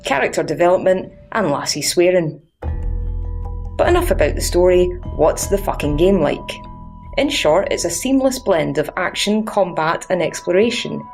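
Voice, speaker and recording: A woman's voice: lowish voice, a little mellow. A young Scottish woman narrating a scripted video game review in a sarcastic, crude and cheeky way.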